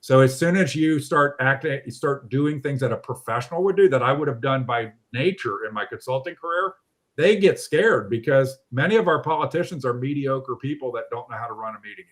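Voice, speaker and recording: A man's voice: mid-range voice, fairly quick. A man hosting an online discussion over a video call, talking bluntly and animatedly with some mild swearing. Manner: blunt, animated, mildly profane. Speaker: host of a local politics livestream.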